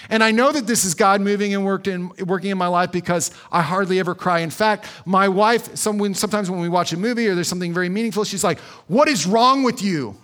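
A man preaching a sermon in an earnest, conversational way, slowing down for emphasis. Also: sits high, fairly even intonation, a bit bright. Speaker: pastor.

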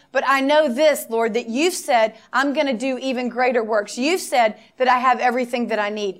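A middle-aged woman preaching a sermon, telling stories and acting out the dialogue with emphatic repetition. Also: on the high side.

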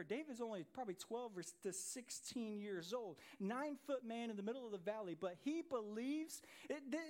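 A man preaching a sermon as pastor, telling a Bible story in an animated way and acting out its characters' voices. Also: very high-pitched.

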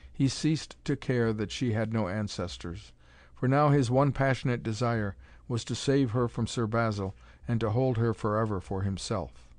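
A man narrating a pulp adventure story in a dramatic, measured reading. His voice sits at an ordinary middle pitch. The recording is close and dry, with no room sound. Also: a little mellow, dry recording.

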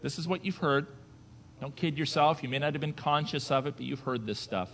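Bright-voiced preacher in a reverberant hall. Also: male voice, on the high side, brisk, slight background noise. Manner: swings between quiet asides and loud emphatic declarations; conversational, rhetorical questions to the congregation. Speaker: pastor. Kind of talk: sermon.

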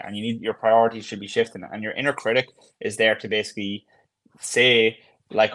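A man's voice: on the low side, little pitch movement, fairly quick, a bit bright. A man co-hosting a podcast in casual chat, explaining his points with examples. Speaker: podcast co-host.

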